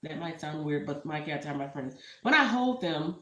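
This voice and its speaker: A woman's voice: deep voice, lively intonation, moderate pace, sharp tone, dull audio, slight background noise. A woman talking casually to the camera as a vlogger. She is heartfelt and a little emotional, and she keeps drifting into asides. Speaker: entrepreneur vlogger. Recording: roomy echo.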